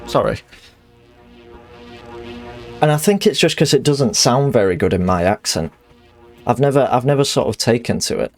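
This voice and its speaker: A man's voice: mid-range voice, expressive, normal speed, long pauses, a little mellow, faint music behind. A man streaming a game, chatting casually in a rambling, sweary way that often corrects itself.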